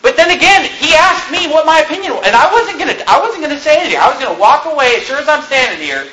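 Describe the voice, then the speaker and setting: A man's voice: extremely high pitch, very animated, fast talker, a crowd in the background. A male pastor telling a story from the pulpit in an emphatic, conversational way, chuckling now and then. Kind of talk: sermon storytelling. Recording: echoey room.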